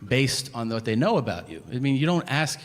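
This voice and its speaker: Brief: male stand-up comic, profane, deadpan storyteller, middle pitch; live hall reverb with crowd noise. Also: brisk. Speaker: stand-up comedian. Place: comedy stage before an audience.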